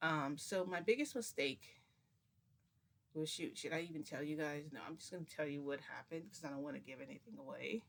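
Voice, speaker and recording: A woman's voice: low voice, brisk, vocal fry. A woman vlogger telling a long casual story to her viewers, chatty and rambling, with many restarts.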